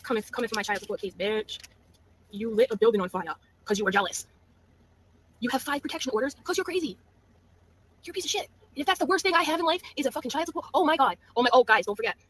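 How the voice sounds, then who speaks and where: A woman from Massachusetts rants at a rival, brash and full of insults. Her voice sits high and she fires off words quickly, with a faint hum of noise behind her. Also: animated, fairly bright tone. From Massachusetts, USA. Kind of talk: trash-talking video rant.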